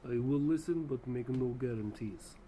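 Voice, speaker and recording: A man's voice: medium pitch, moderate pace, dark tone, close to an everyday voice. Guy doing russia as a touchy proud leader, stiff and offended, faint hiss behind. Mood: guarded.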